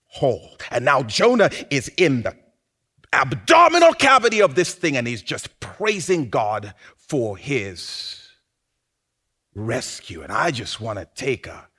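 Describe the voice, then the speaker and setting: A man preaching a sermon, swinging from hushed, drawn-out phrases to sudden shouts. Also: medium pitch, breathy edge. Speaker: pastor.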